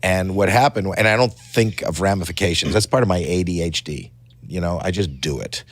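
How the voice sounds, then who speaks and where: A middle-aged man telling rambling anecdotes as a podcast guest, animated, with frequent stammering restarts, in a studio. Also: low-pitched, brisk, no room sound. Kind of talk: casual storytelling chat.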